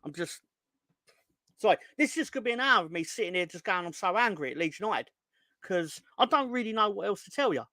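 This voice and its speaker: Quick, high-pitched and expressive, the young man's voice sounds pushed and bright in a studio-quality recording with no echo. Hosting his fan live stream, he greets chat members by name and rants with exasperated profanity, flaring into anger.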